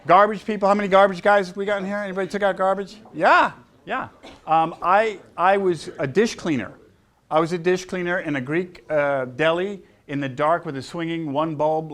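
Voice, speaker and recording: A man in his sixties, a chiropractor, telling personal stories to a live audience, acting out quoted voices and throwing questions to the crowd. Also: a little high. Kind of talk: anecdotal talk to a live audience.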